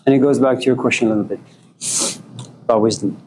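A man's voice: medium pitch, fairly even intonation, quick pace, darkish tone, a little hiss or hum. Wry joking male lecturer. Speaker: philosophy lecturer. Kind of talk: storytelling lecture to a class.

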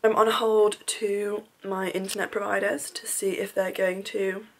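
A woman's voice: medium pitch, level tone, a little slow, a little hiss or hum. A young woman in her twenties, chatting casually to a handheld camera in a bubbly vlog style. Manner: chatty and bubbly, with sighs of frustration. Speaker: vlogger.

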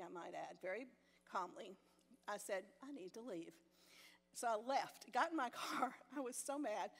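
An older woman teaching a women's Bible study, telling a personal story with self-deprecating humor and frequent laughs. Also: medium pitch. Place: church meeting hall. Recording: long hall reverb in a church.

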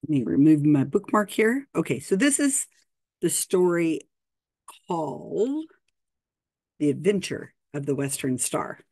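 A woman's voice: deep voice, sing-song, a little slow, long pauses, mellow, dry recording, clean studio sound. A woman host, explaining a story in a casual way and reading passages aloud with quoted dialogue. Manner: chatty, reads passages with quoted dialogue, frequent restarts.

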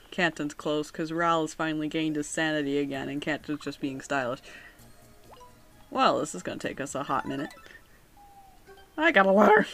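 A woman's voice: low-pitched, a bit bright. A woman giving casual, joking commentary as she plays a video game, often laughing and reading game text aloud. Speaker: video game let's player.

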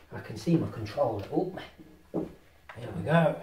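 A man, vlogging casually as he sets up VR at home and talks to himself excitedly. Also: medium pitch, a little slow, pauses often, recorded from a distance. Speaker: tech vlogger. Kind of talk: casual vlog commentary while setting up VR. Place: house with rooms on two floors. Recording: roomy home room, voice often off-mic.

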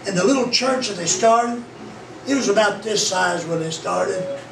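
A man's voice: sits high, moderate pace, vocal fry. An older man preaching a sermon in a folksy, plain-spoken way, now and then rising to fervent exclamations. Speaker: pastor. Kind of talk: sermon storytelling. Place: church sanctuary. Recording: echoey church, distant mic, faint hiss.

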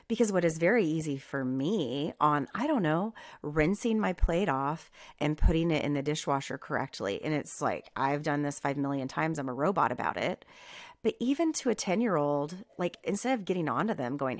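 Low-voiced, lively woman chatting. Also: moderate pace, dry recording. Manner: animated, acts out what she tells her kids. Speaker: podcast co-host. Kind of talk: casual parenting chat.

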